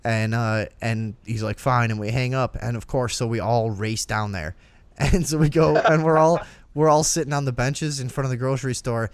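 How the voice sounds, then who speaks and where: A man's voice: mid-range voice, moderate pace, no echo. A young man hosting a casual talk show, telling a long anecdote with lots of swearing and laughter, acting out the voices in it. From Downers Grove, Illinois area. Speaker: podcast host. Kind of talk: casual storytelling chat.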